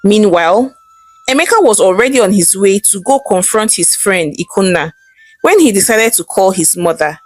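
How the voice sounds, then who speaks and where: A woman's voice: medium pitch, normal speed, dry recording, soft background music, rough recording. Woman storyteller, folktale narration, dry close mic.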